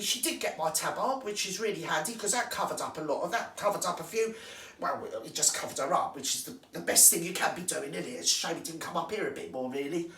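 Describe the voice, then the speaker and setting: A woman's voice: medium pitch, fairly bright tone. Crude, gossiping woman ranting. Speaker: comic character host. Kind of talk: comic rant monologue. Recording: roomy, distant from the mic.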